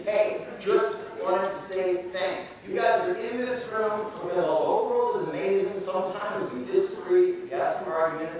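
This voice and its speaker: A man from Canada giving a motivational keynote speech to students, conversational and acting out quoted voices. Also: on the high side. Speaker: keynote speaker. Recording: echoey hall from far off.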